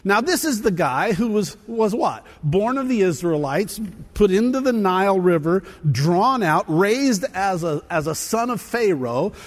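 A man preaching in a church with a high, lively voice that swoops up and down. He speaks slowly and acts out the lines of scripture. His voice rings through a hall with a long echo. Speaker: pastor. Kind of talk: sermon.

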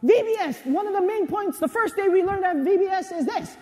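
A man's voice: very high voice, brisk, hardly any pauses. Young man, pastor, casual confessional sermon, long hall reverb. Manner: casual, confessional, animated asides.

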